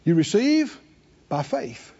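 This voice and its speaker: High, animated male preacher. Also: slow, vocal fry, dull audio. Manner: animated call-and-response preaching. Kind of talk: sermon. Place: church sanctuary.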